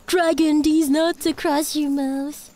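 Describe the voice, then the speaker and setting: A sick woman streamer coughs while playing, chatting casually with viewers, giggling, and swearing a lot. Her high voice is slow and steady with a dark tone, and game music plays behind her.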